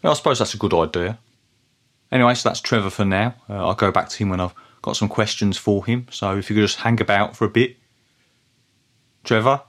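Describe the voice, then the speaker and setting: Deadpan middle-aged man. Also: on the low side, fairly quick. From Birmingham, England. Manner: earnest, deadpan, plodding. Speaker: podcast host. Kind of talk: scripted comic monologue.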